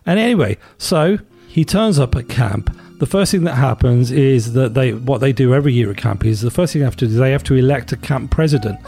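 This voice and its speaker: A man retelling a comic strip story as a podcast guest, animated and laughing as he goes. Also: medium pitch, fairly quick, hardly any pauses. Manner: animated storyteller, laughs while telling, acts out the characters' lines. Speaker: guest, writer and broadcaster.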